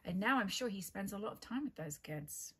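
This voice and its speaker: Blunt breathy English woman. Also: medium pitch, animated, a little fast, bright, forceful tone. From England. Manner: blunt, teasing, opinionated. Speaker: podcast co-host. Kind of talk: casual chat.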